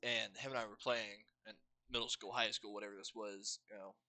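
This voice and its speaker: A man's voice: on the low side, fairly quick, no echo. A man in his twenties giving rambling, casual commentary while playing a game. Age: 20s. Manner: rambling storyteller, chatty and relaxed. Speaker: gaming channel host. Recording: voice with loud game music behind.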